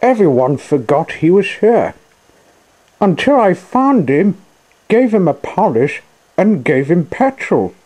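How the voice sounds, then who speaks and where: A man voicing an excitable young woman in a children's story, speaking high and eager. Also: slow, heavily acted. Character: young woman who restored an old car, excitable.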